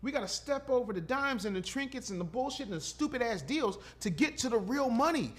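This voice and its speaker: A man's voice: extremely high pitch, expressive, a little fast. A man in his fifties, a guest on a podcast, talking casually in an emphatic, preachy way, swearing freely and acting out quotes.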